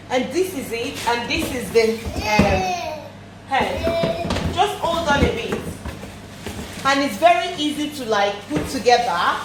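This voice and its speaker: A young woman chats through a home unboxing in a fairly high voice, gushing and repeating her words. The room is echoey and a steady noise sits behind her. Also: a little slow. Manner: chatty, repeats phrases, gushing about the product; turns high and sing-song when talking to her toddler. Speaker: vlogger reviewing a baby product. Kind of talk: casual product unboxing vlog.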